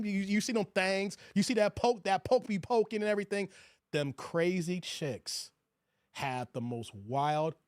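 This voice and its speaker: A man hosting a livestream, giving loud, crude commentary and reading out his chat. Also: sits high, no room sound. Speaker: host of a livestream commentary show.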